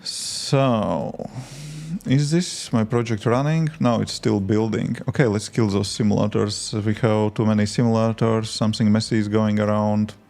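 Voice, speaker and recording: A man's voice: fairly low pitch, fairly even intonation, moderate pace, creaky, darkish tone. A man, an app developer chatting casually on a live stream while he codes and talks to his viewers and his tools. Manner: thinks aloud, talks to chat and to his tools.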